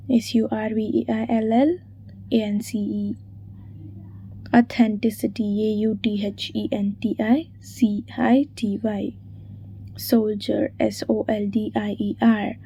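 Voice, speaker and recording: A woman's voice: fairly high pitch, creaky, dark tone, husky. A woman reading exam quiz questions and answers aloud, spelling words out letter by letter. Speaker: exam revision narrator.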